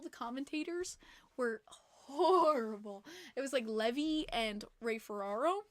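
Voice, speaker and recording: A woman hosting a casual hockey podcast, animated and laughing often, swearing freely. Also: sits high, dry recording. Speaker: podcast host.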